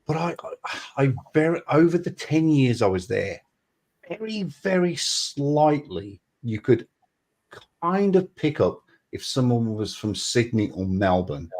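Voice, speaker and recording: A man's voice: mid-range voice, sing-song, a little slow, darkish tone. A man with a Birmingham accent hosting a casual chat, joking, swearing freely and mimicking accents. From Birmingham, England.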